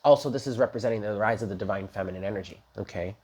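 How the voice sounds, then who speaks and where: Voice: low voice, racing, darkish tone, slightly rough. A tarot reader giving a casual daily reading, talking straight to viewers in a chatty, emphatic and blunt way with casual swearing.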